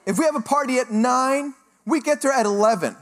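A middle-aged man from Mexico giving a sermon testimony, telling his story with animated energy and acting out the voices he quotes. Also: extremely high pitch, brisk. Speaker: guest speaker sharing testimony.

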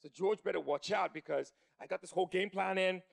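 A man in his thirties telling an animated stand-up story to a live crowd, building up to shouting when excited. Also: high voice, fairly quick, creaky. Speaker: stand-up comedian.

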